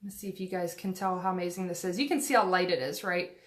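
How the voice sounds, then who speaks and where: A woman's voice: on the low side, steady tone, fast. A woman chatting through a casual makeup tutorial, rambling and self-deprecating with lots of fillers, recorded on a phone at home. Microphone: phone camera.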